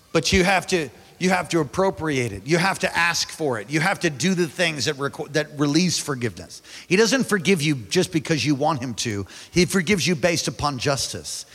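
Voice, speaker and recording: Animated preacher in an echoing hall. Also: male voice, a little high. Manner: animated storytelling, shouting at peaks; calls on the congregation to respond. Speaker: pastor. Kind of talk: sermon.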